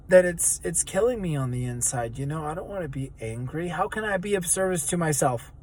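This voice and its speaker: A man's voice: fairly high pitch, expressive, brisk, hardly any pauses, darkish tone. A man vlogging in an earnest, searching way, with many fillers as he reflects. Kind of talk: reflective personal vlog.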